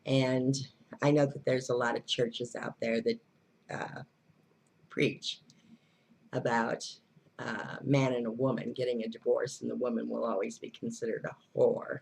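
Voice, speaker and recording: A woman's voice: rumbling low, little pitch movement, a little slow, vocal fry, darkish tone, breathy edge. A woman giving casual spiritual advice, blunt and earthy, who swears freely and laughs often. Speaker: spiritual teacher.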